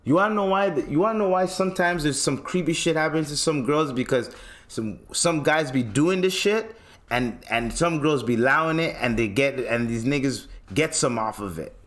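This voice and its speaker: A man's voice: fairly high pitch, expressive, moderate pace, fairly bright tone. A young man with a Toronto accent rants solo on his podcast, exasperated and profane. He mocks what he is describing and swears freely as he talks. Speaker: podcast host. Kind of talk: ranting solo podcast monologue.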